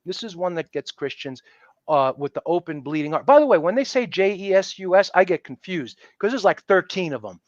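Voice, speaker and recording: A man with a high-pitched voice talks as a guest in a casual interview. He is emphatic and animated, and he slips into the voices of the people he quotes. The sound is dry and slightly dull, like a lo-fi recording. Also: fairly quick, hardly any pauses, no room sound. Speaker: podcast guest.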